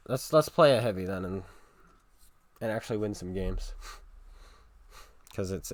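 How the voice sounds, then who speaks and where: Male game streamer, low voice, dry sarcastic play-by-play. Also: dry recording. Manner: sarcastic, exasperated at teammates. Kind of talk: casual gameplay commentary.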